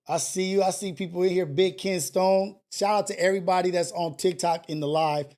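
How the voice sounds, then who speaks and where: A man hosting a live call-in stream, talking casually and preachily, swinging between loud scolding and low murmurs. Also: fairly even intonation, brisk, hardly any pauses. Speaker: host of a live call-in show.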